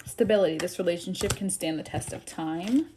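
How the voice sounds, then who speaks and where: A woman's voice: lowish voice, a little fast, background noise. A young woman giving a tarot reading on a live stream, chatty and sassy, often laughing. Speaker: tarot reader.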